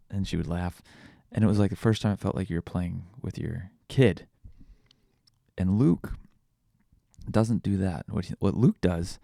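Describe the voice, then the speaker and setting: In a reflective podcast monologue, a man in his thirties rambles candidly and often restarts his sentences. His very low voice has a gravelly fry and a dark tone, and the recording is dry and close with no echo.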